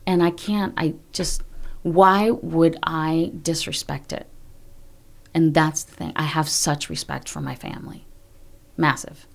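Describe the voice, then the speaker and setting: Blunt, swearing middle-aged woman, low voice. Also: steady tone, a little slow, gravelly. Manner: blunt and emphatic, swears freely. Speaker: podcast guest. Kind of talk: candid conversational interview.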